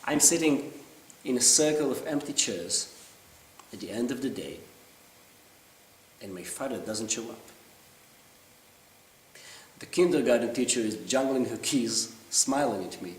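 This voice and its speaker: A man performing a theatrical monologue in an intense, halting, confessional way. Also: mid-range voice, expressive. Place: theater stage. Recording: roomy stage sound from far off, faint hiss.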